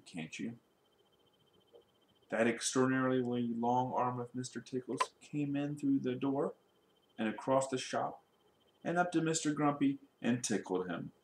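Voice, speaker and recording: A man reading a children's storybook aloud in a lively way, putting questions to his young listeners. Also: medium pitch, echoey room.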